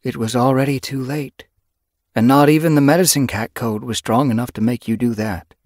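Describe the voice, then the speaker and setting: A man doing a wise female spirit cat from a storybook, pitched above his own voice with a slightly husky edge. She speaks softly and gravely with quiet sympathy, in a dry close recording. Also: steady tone, normal speed, no echo, close to an everyday voice. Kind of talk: audiobook character voice.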